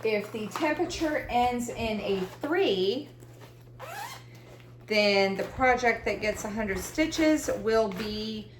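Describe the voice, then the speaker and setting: A woman's voice: fairly high pitch, expressive, takes it slowly, background noise. Chatty woman in an echoey room. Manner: rambling, chatty, self-deprecating with laughs. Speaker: cross-stitch vlogger. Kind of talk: casual chat. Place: room at home.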